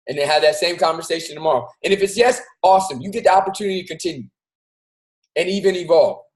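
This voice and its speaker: A man with a high voice hosts a show, speaking straight to his listeners in an earnest, casual motivational talk. The recording is low quality.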